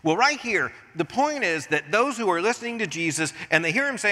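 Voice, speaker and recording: An older American man preaching a sermon as pastor, swinging from hushed asides to emphatic points. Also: high voice, lively intonation, brisk. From United States. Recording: long reverb of a large hall.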